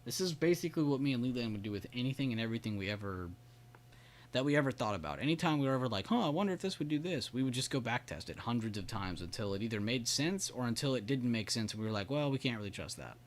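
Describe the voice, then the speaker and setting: A man's voice: mid-range voice, animated, quick pace, slight background noise. A man hosting a live trading stream, walking through charts casually and praising viewers by name. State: hiccups. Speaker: trading livestream host. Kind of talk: live market commentary.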